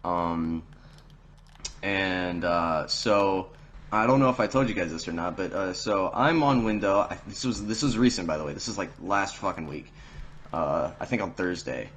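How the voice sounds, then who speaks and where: A teenage man with a fairly low voice tells a story in loose, rambling podcast chat. He swears freely and fills his sentences with uhs and likes. A faint hiss sits under the recording. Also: expressive, moderate pace, fairly bright tone. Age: teens. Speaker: podcast host.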